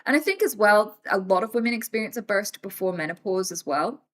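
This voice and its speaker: Speaking briskly at a middle pitch, this thirties-aged woman keeps her casual live-stream chat lively and addressed straight to viewers. She curses freely and slips into impressions of others to replay their words.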